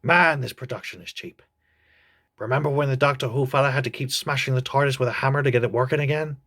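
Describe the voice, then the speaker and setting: A man hosting a comedic TV review, mocking the episode with crude, deadpan jokes. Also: mid-range voice, fast talker.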